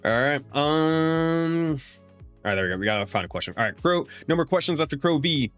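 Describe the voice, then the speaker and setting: A man's voice: a little high, lively intonation, a little fast, a bit bright, faint music behind. A young man, a streamer and game master, answering chat questions in a loose, rambling way with restarts and casual swearing. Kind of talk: casual livestream Q&A.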